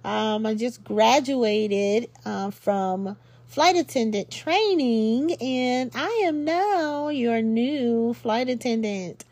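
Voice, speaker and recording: Slow gravelly woman giving devotional talk. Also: a little high, a little mellow, dry recording. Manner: affectionate, preacherly, with frequent fillers. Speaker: podcast host.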